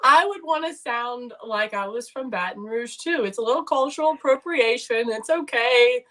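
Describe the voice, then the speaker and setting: A woman's voice: fairly high pitch, moderate pace, a bit bright. A woman co-hosting a sports betting show, chatting casually in a joking, rambling, self-deprecating way. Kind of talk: casual live sports chat.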